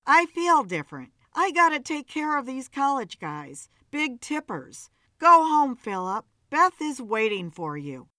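A woman's voice: high voice, very animated, measured pace, hardly any pauses, bright, forceful tone, dry recording, clean studio sound, pitched above the performer's own voice, exaggerated voice. A woman voicing a blunt, weary female bartender in an audiobook story.

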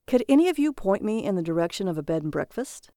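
A woman's voice: medium pitch, very animated, quick pace, warm tone, no echo, natural voice. A woman reading a polite, dry male stranger. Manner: polite but sarcastic. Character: weary, puzzled male stranger.

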